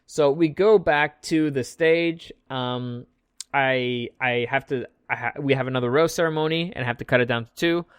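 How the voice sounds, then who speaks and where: A man's voice: medium pitch, moderate pace, clear, resonant tone, no echo. A young man casually recapping an event in a loose, joking way, swearing freely as he tells the story. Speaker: vlog host recapping an event.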